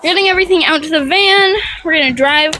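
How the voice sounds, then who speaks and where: A young woman talks to her camera in a chatty, rambling way, often stopping to correct herself. Her voice sits high. Clear music plays underneath. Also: quick pace. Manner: rambling, chatty, self-interrupting. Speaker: vlogger. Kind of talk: casual vlog chat.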